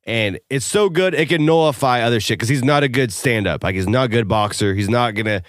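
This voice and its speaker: A man's voice: medium pitch, brisk, no echo, clean studio sound. A man co-hosting a podcast, talking casually and profanely, rambling through a story with lots of fillers. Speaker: podcast co-host. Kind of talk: casual chat.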